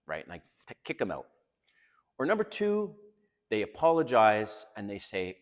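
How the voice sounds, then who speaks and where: A blunt, emphatic middle-aged man holding forth to camera. His low voice swings widely in pitch as he lectures, and it rings with a long reverb tail from the room he is in. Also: very animated, a little slow, pauses often. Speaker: dating advice vlogger. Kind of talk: casual monologue to camera.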